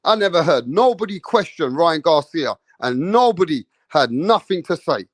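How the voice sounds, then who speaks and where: A man's voice: on the high side, big pitch swings, normal speed, no room sound. Slangy man hosting a livestream. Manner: greets chat viewers by name, slangy. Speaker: boxing livestream host. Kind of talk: casual livestream chat.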